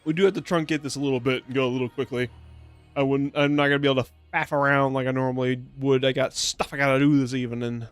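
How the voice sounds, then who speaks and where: A man's voice: mid-range voice, steady tone, fast, clear, resonant tone, dry recording. A man streaming a video game, making jokey asides and reading the dialogue aloud. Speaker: VTuber streamer. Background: game music.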